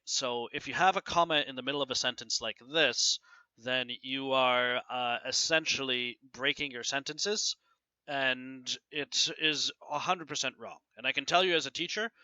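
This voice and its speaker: A man teaching a grammar lesson, often asking "right?" and reading example sentences aloud with clear pauses. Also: medium pitch, pushed and bright, no room sound, muffled recording. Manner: keeps asking "right?" to check understanding. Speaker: English teacher.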